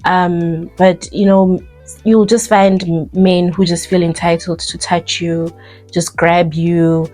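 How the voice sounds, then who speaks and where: A woman's voice: lowish voice, little pitch movement, slow pace, darkish tone, soft background music. A woman in her thirties with a South African accent, chatting earnestly on a vlog about life after moving. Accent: South African English. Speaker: vlogger. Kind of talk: casual chat.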